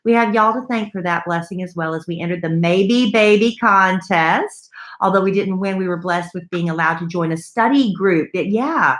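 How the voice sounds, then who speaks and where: A woman's voice: lowish voice, moderate pace, few pauses, a bit bright, roomy sound. A woman co-hosting a podcast, reading listener mail in a chatty, enthusiastic way. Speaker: podcast co-host.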